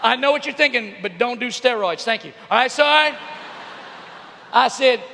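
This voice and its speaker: A middle-aged man tells funny stories to teenagers in a huge arena, and his voice sits very high with a gravelly edge. He gets animated and shouts often. A long arena echo trails every line. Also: normal speed, long pauses. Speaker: youth speaker. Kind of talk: comedic motivational talk to teens. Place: large arena.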